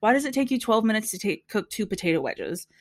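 Female podcast co-host, mid pitch, chatty recap with quoted bits, dry close sound. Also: fast talker, no room sound. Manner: animated storytelling, quotes people in put-on voices, laughs often. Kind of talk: casual recap chat.

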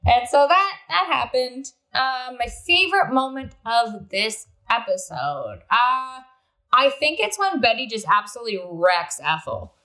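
A woman's voice: fairly high pitch, very animated, measured pace, sharp tone. A woman co-hosting a casual podcast, agreeing and laughing as she chats about an episode. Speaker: podcast co-host. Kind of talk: casual recap chat.

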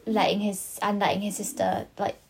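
A woman's voice: mid-range voice, flat delivery, moderate pace, creaky, slight background noise. A woman in casual conversation about a film, thoughtful and searching for words.

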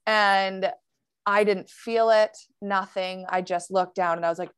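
A woman guest recounting a personal story on a podcast, casual and animated, filling gaps with "um" and "like". Her voice sits at an ordinary middle pitch. It is recorded close, with a dry, dead sound. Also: normal speed, clean tone, no room sound. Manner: animated, laughs often, many fillers.

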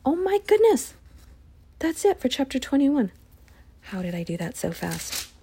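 A woman reading scripture aloud and explaining it in a casual, expressive way, sometimes dropping into a hushed whisper. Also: high voice, a little slow, slight background noise. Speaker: Bible study podcaster. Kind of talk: casual Bible reading with commentary.

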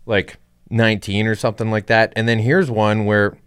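Smooth, low-voiced deadpan man. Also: moderate pace, no room sound, studio quality. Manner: deadpan, swears casually. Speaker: podcast guest, comedian. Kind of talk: casual storytelling chat.

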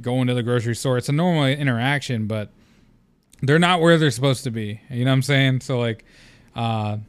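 A young man hosts a solo podcast in a smooth, medium-pitched voice, recorded dry. He rambles loosely and candidly, with plenty of fillers and casual swearing.

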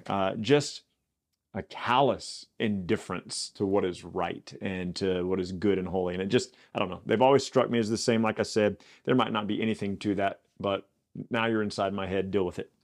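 A man's voice: lowish voice, fairly even intonation, moderate pace. A man hosting a Bible podcast, reading scripture aloud and breaking off into casual, rambling commentary with restarts and asides. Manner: reads scripture then riffs with chatty asides; conversational, many fillers and restarts.

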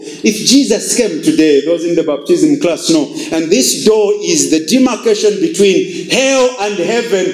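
A man preaching a sermon as pastor, emphatic and repetitive, with wide swings in pitch for emphasis. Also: darkish tone. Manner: emphatic, repeats phrases, shifts pitch widely for emphasis. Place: church. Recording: echoey church hall.

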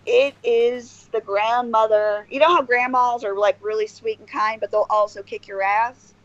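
A woman's voice: a little high, fairly even intonation, normal speed. Woman rambling earnestly as a podcast guest, lots of restarts, kinda dull lo-fi audio. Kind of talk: casual interview chat. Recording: dull lo-fi dry sound.

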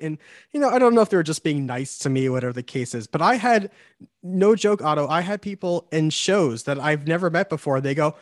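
Podcast host, man, New York accent, chatty and rambling, slightly higher voice, dry close sound. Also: animated, a little fast, no echo. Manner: chatty, rambling with many fillers. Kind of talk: casual interview chat.

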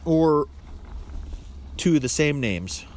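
A man's voice: a little high, takes it slowly. A man hosting a casual podcast outdoors on a ski slope, joking and laughing often. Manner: jokey, laughs often, animated. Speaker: podcast host. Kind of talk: casual chat on a ski lift.

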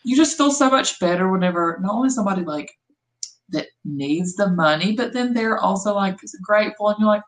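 A woman's voice: mid-range voice, lively intonation, fairly quick, poor audio. A woman in her thirties co-hosting a casual book chat, talking with lots of fillers and quoting herself. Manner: chatty, filler-heavy with acted quotes. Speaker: podcast co-host.

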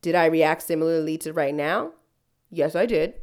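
A woman's voice: low-pitched, moderate pace, background noise. A woman podcast host telling a story in casual chat, swearing freely and ranting. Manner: profane, heated storytelling rant.

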